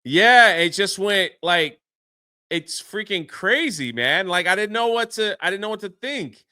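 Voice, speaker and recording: Male podcast guest, animated storyteller, slightly high and bright, dry. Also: unhurried, clean tone, dry recording. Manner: excitable, swears mildly, acts out quotes.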